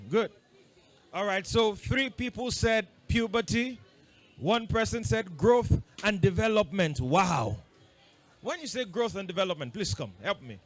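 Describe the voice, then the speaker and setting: A man leading an interactive talk with a group of boys, playfully quizzing them with quick questions. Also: high voice. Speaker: workshop leader talking to boys.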